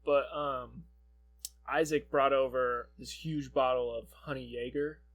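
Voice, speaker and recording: A man's voice: medium pitch, fairly even intonation, a little slow, a bit bright, lo-fi sound. Young man telling a rambling story. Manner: rambling storyteller, swears a lot. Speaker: podcast co-host. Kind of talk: casual chat.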